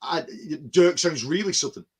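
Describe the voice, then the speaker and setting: A man's voice: on the high side, animated, moderate pace, breathy edge. Casting: man, podcast host, rambling casual talker. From England. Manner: rambling, many restarts and "you know what I mean". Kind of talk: casual chat.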